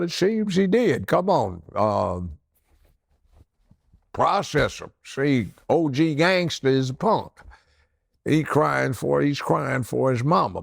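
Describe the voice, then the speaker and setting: Older ex-judge, gravelly, dry close sound, animated storyteller. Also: male voice, mid-range voice, dry recording. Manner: animated storyteller acting out other voices. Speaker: former judge, guest. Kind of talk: storytelling interview.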